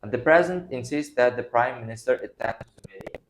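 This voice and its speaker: A man's voice: medium pitch, fairly quick, a little hiss or hum. A man whose first language is Uzbek, teaching an English grammar lesson to a class and acting out example sentences. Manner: acts out example sentences, non-native phrasing.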